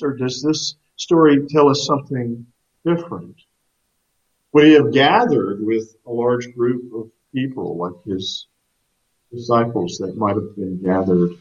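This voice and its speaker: A man's voice: medium pitch, slow, a little mellow, lo-fi sound. A man preaching a sermon in an earnest, emphatic way, often repeating a word as he starts a phrase. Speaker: pastor.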